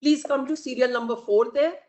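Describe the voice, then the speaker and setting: Woman, Indian accent, lawyer arguing before judges, high voice, formal and deliberate, echoey courtroom audio. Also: darkish tone. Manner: formal, deliberate, addresses the bench repeatedly. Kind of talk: courtroom argument. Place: courtroom hearing.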